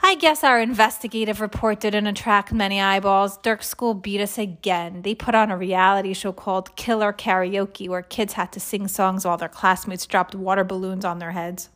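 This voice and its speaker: A woman reading a children's chapter book aloud, lively, with small slips she corrects. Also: medium pitch, normal speed, few pauses.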